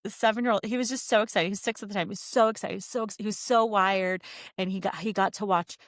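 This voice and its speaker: Woman, 30s, chatty interview guest, animated storyteller, mid pitch, dry close sound. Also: fast talker, no echo. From United States. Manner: lively anecdotal storyteller, laughs often. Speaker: guest, language-learning company founder. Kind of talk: casual interview chat.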